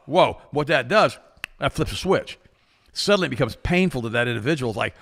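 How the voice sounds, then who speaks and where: An impassioned male talk-show host with a gravelly edge. He talks quickly, with a lively, swinging pitch. He drives each point home with emphatic repetition. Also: big-room sound. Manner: emphatic, impassioned, repeats himself. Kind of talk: casual talk-show commentary.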